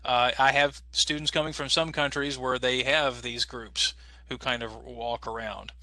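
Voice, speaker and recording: A man teaching an English as a second language class over a video call, explaining patiently and slowly with lots of fillers. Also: mid-range voice, steady tone, bright, forceful tone, no echo. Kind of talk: online class instruction.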